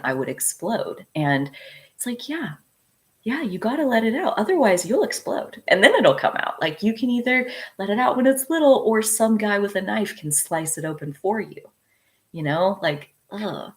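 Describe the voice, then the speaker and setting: A woman hosting an astrology talk, chatting casually and frankly, often laughing and filling with "like" and "dude". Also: low voice. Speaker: astrologer host.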